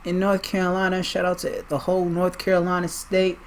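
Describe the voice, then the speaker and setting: A man's voice: sits high, completely flat delivery, fairly quick, very noisy. Profane, blunt male reaction commentator. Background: music.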